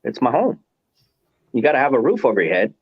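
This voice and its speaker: A man's voice: medium pitch, very animated, fast talker, husky, no echo. A man, a trucker, chatting plainly and matter-of-factly with a group over a call. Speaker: trucker guest. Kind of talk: casual group chat. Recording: dull dry call audio.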